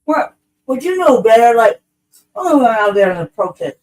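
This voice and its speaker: High-voiced blunt woman, off-mic. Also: very animated, moderate pace, darkish tone. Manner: profane, blunt ranting with streetwise slang. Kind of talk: casual podcast discussion. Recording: voice distant from the mic.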